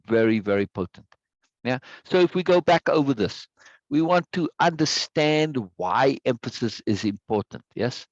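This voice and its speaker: A course instructor teaches a live online class in a conversational way, repeating words for emphasis and often asking "right?" to check in. His voice sits on the low side and comes through a video call microphone, with no echo and the highs cut off.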